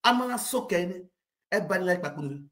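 A man with a Nigerian accent telling a comic rant, animated, mixing Pidgin and local languages and bursting into shouts. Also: sits high, fairly quick. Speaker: comedic storyteller. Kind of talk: comic rant sharing gossip. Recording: roomy echo.

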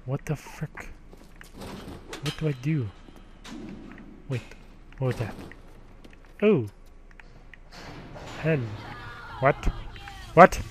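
A man giving gameplay commentary, profane, grumbling and yelling at the game. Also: mid-range voice, animated, very slow, long pauses. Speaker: let's play gamer.

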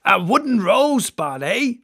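A man's voice: sits high, unhurried, fairly bright tone, voice pushed up. A man voicing a boisterous, joking male whaling mate in an audiobook, bellowing and mocking. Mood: hailing loudly. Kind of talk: audiobook character voice.

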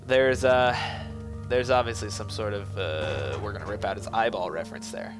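A man giving goofy, self-mocking commentary while playing a video game, jumping to silly high yelps. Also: moderate pace, over music. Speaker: let's play gamer. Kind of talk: joking gameplay commentary.

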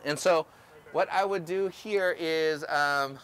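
Casting: high-pitched male coach, energetic and instructive, faint background hiss. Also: slow. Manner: energetic, instructive, checks in with "okay?". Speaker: ultimate coach. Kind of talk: outdoor coaching clinic demonstration. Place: outdoor field.

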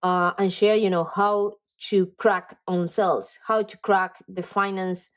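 A woman's voice: mid-range voice, measured pace. Enthusiastic tarot reader woman. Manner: animated, enthusiastic, talks straight to the viewer; frequent fillers and "okay?" check-ins. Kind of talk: casual tarot reading to camera.

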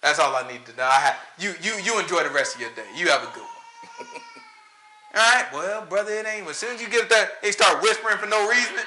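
A man preaching a casual, conversational sermon, animated and talking straight to his listeners. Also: high voice, a little fast, slight background noise. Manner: animated, talks straight to listeners, often asks "you know what I'm saying?". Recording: roomy echo.

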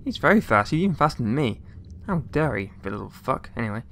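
A man's voice: mid-range voice, very animated, fast, creaky, a bit bright, a little hiss or hum. Rambling, jokey male gamer commentating. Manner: rambling, jokey, mock-outraged asides with mild swearing. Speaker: let's play gamer. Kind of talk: casual gameplay commentary.

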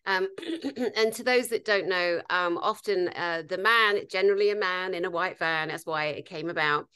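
A woman's voice: on the low side, moderate pace, bright, forceful tone. A woman co-hosting a casual chat, talking in a chatty, hesitant way with frequent ums. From Britain. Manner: chatty, hesitant, with many ums and throat clears. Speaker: co-host.

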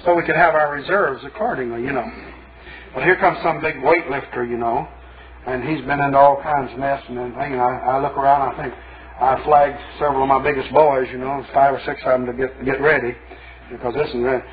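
A man's voice: medium pitch, fairly even intonation, fairly quick, crowd noise. A male pastor preaching a sermon in a folksy, colloquial storytelling manner. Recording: lo-fi phone-like sermon tape.

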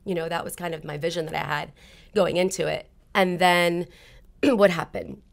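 A woman's voice: fairly low pitch, steady tone, moderate pace, gravelly. A woman guest in a casual interview, animatedly telling a personal story and acting out her own past conversations.

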